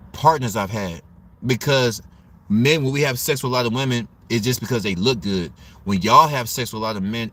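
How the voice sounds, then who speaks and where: A man's voice: mid-range voice, a bit bright. A man hosting a livestream, ranting bluntly and lecturing with rhetorical questions. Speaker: livestream host. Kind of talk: opinionated livestream rant.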